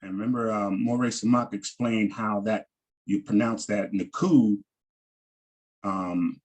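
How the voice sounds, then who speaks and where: A man teaching a language class, slowly repeating each word and its pronunciation and checking in with "all right" as he goes. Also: lowish voice, a little mellow, husky. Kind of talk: slow vocabulary lesson over shared screen.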